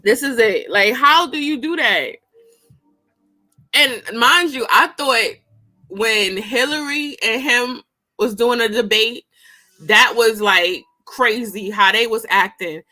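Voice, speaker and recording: A woman talks through a debate in a slow, unhurried way, her voice bright and a little high. She is slangy and exclaims a lot, breaking into laughter often. Faint music plays behind her. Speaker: vlogger reviewing a political debate. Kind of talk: casual commentary.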